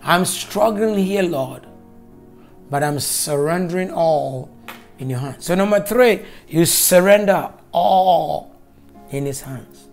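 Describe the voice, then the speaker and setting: Slow, emphatic preacher praying and teaching. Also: medium pitch, darkish tone, soft background music. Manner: slow, emphatic, repeats key phrases. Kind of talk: broadcast sermon and prayer.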